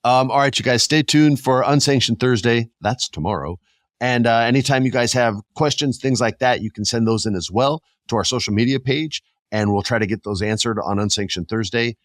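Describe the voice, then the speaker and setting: A man's voice: medium pitch, fairly quick, dry recording, clean studio sound. A man hosting a podcast, chatting in a laid-back, slangy and jokey way. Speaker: podcast host. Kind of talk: casual podcast chat.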